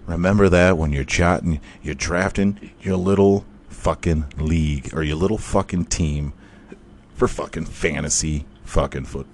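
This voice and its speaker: A man's voice: low-pitched, a little slow, slight background noise. A man hosting a podcast, rambling through a profane, jokey rant in a casual way. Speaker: podcast host.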